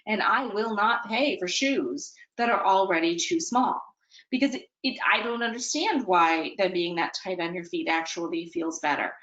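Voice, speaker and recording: A woman leads a webinar for parents, chatting easily and pausing to check that her listeners follow. Her voice sits at an ordinary middle pitch. The audio is dull and lo-fi, like a home webinar feed. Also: fairly bright tone, roomy sound. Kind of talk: webinar presentation.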